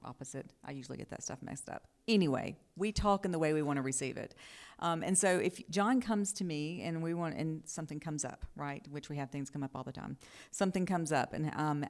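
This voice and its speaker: Woman, low voice, rapid speech, explains with examples. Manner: quick, explaining with acted examples. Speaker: panelist. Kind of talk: casual panel talk.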